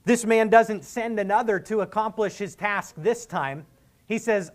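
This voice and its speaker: A preacher delivers an expository sermon in an earnest, emphatic way, reasoning with his listeners and acting out the people he quotes. The voice is medium-pitched and the pace measured.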